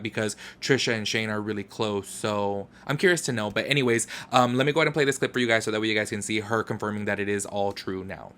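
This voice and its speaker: A man's voice: lowish voice, fast talker, few pauses, fairly bright tone, clear, resonant tone. A man hosting a commentary video, talking casually to his viewers with lots of ums and likes. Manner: chatty, many fillers like um and like. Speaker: commentary YouTuber.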